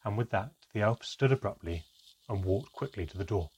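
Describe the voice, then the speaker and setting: A man reads a fantasy story aloud in steady first-person narration. His voice sits low and carries a husky grain. The delivery is calm and even throughout. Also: fairly quick. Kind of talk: storybook reading.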